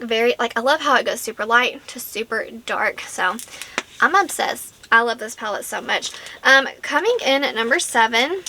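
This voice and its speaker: Brief: young woman vlogger, high and bright, gushing chatty review style. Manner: gushing, chatty, many fillers like "like" and "um". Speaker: beauty vlogger. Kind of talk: casual product review to camera.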